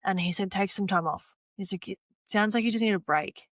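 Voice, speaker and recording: Speaking fairly quickly in a mid-range voice, a young woman tells stories from her swimming days as a podcast guest. The recording has no room sound, and she relaxedly quotes herself and others, leaning on "like" and "you know."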